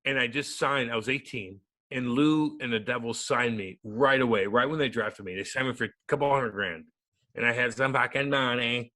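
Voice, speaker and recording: Loud, profane male interview guest. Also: medium pitch, moderate pace. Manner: loud, profane, swings to soft mumbles. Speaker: guest, former hockey enforcer and radio host. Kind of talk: animated interview storytelling.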